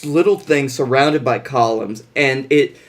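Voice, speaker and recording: A man co-hosting a podcast, recapping a movie in casual chat with a wry, deadpan manner. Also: mid-range voice, measured pace. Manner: wry, deadpan recaps with playful put-on voices. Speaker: podcast co-host.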